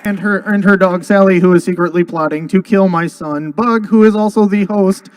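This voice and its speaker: A man's voice: high-pitched, moderate pace, a faint crowd, a little hiss or hum. A man presenting his company at a convention seminar, joking and heartfelt as he rambles through the year's news on a handheld mic.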